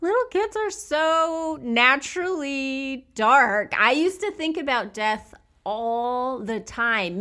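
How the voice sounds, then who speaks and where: A woman's voice: fairly high pitch, fairly bright tone. A woman hosting a podcast, talking casually and laughing often as she tells stories. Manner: chatty, laughs often, acts out quoted people. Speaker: podcast host.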